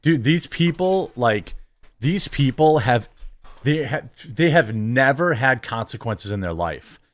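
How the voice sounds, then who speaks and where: A man's voice: mid-range voice, animated, slow pace, no room sound. A man hosting a reaction commentary, sarcastic and rambling, with frequent restarts. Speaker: commentary host.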